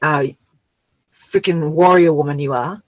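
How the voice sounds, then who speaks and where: A woman's voice: low voice, steady tone, a little slow, no room sound, highs cut off. A woman hosting a conversation, speaking effusively and emotionally, often repeating herself. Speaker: host. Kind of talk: casual conversation.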